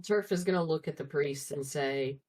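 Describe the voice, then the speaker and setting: A woman's voice: low voice, moderate pace, darkish tone. A woman playing a tabletop game who hesitantly improvises rhyming lines. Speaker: player. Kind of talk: tabletop game play in rhyme.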